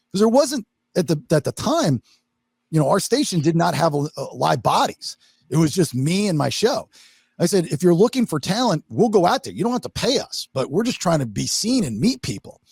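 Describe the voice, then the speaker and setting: A man hosting a podcast, telling stories in a lively way and acting out what people said, with some swearing. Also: high voice, fairly quick, creaky, breathy edge, no echo, studio quality. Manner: animated storytelling, swearing, acts out quotes. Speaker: podcast host. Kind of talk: casual podcast chat.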